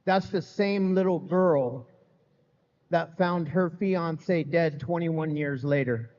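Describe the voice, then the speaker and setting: A middle-aged man, his fairly high voice a little mellow, speaks slowly as he shares his recovery story before a live audience in an event hall. His delivery is candid, humorous and conversational, dotted with "man" and "you know," and it's slightly muffled under a long hall reverb.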